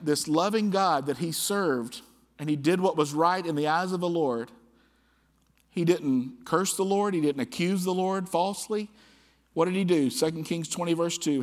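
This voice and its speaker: A man preaching a sermon as pastor, reading scripture aloud with rising, impassioned emphasis. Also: on the high side. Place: church sanctuary. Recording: church hall with long reverb.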